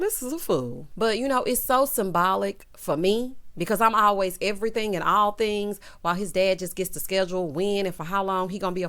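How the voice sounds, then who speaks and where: A woman's voice: mid-range voice, fairly bright tone. A woman giving a sassy, opinionated recap of a TV episode and talking straight to her viewers. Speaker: TV recap vlogger.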